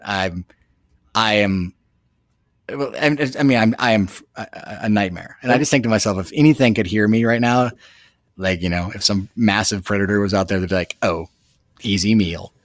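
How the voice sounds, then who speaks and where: A man guest telling a dramatic personal story in an animated way, with many restarts. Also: fairly low pitch, brisk, no room sound, studio quality. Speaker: podcast guest. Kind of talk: storytelling anecdote.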